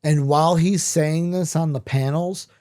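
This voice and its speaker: A man's voice: fairly high pitch, fairly even intonation, measured pace, a little mellow. A man in a casual, rambling comic book discussion, talking with many fillers and asides.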